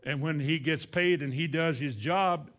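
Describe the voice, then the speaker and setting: A man's voice: fairly high pitch, a little slow, fairly bright tone. A man preaching a sermon in a folksy way, acting out little scenes and asking his listeners questions. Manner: folksy, acts out boastful voices, asks the congregation questions.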